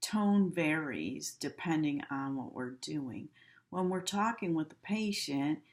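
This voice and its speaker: Woman teacher recording a class at home, slow-paced, demonstrative. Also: low-pitched, animated. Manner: slow, demonstrative, acts out tones and gestures.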